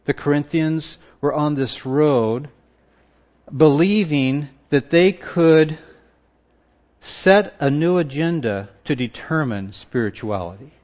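A man preaching a sermon, slow and emphatic, often stopping to ask his listeners questions and repeating his words. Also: on the high side, animated, darkish tone, highs cut off.

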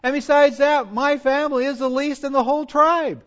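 A man's voice: extremely high pitch, fairly even intonation, moderate pace, pitched above the performer's own voice. A man voicing a self-pitying youngest son who whines about being the baby of the family. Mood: whiny. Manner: whiny, sorry for himself. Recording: dull lo-fi recording.

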